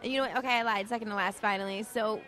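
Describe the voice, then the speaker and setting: A woman's voice: medium pitch, fairly even intonation, very fast, a bit bright. A woman radio host asking chatty, gushing interview questions.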